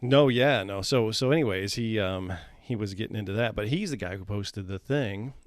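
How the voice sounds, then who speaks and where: A man's voice: lowish voice, normal speed, no echo. A man talking in a rambling casual chat as a podcast guest, full of fillers and restarts. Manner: rambling, filler-heavy storytelling.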